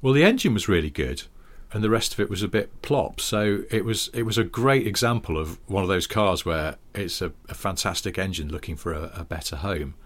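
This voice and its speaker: A man's voice: low-pitched, fairly quick, hardly any pauses. A man co-hosting a podcast, chatting casually with wry, dry remarks and questions. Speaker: podcast co-host. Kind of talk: casual chat.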